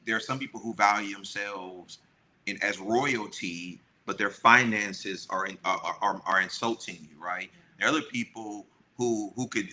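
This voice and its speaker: Middle-aged guy on a podcast, lowish voice, super bright and forceful, acts out quotes, faint hiss behind. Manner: animated storyteller acting out quotes. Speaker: podcast co-host. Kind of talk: storytelling casual chat.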